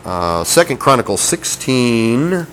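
A man's voice: mid-range voice, sing-song, takes it slowly, a bit bright, rough recording. A middle-aged man preaching a sermon in a folksy, conversational way, often asking his listeners questions. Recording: faint background noise.

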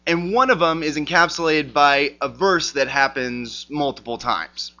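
A man's voice: fairly high pitch, pushed and bright. A man teaching a sermon, explaining scripture and reading verses aloud. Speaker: Bible teacher. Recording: dull lo-fi recording.

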